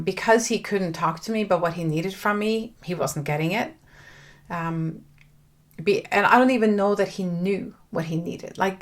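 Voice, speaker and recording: A woman's voice: fairly low pitch, fairly bright tone. A middle-aged woman hosting a podcast, talking earnestly and reflectively in a personal monologue, with fillers and restarts. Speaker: podcast host.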